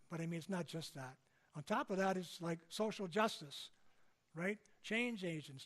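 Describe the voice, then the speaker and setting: An older man from Canada giving a public lecture in a conversational way, often checking in with his listeners. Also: high voice. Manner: conversational, frequent tag questions. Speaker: speaker.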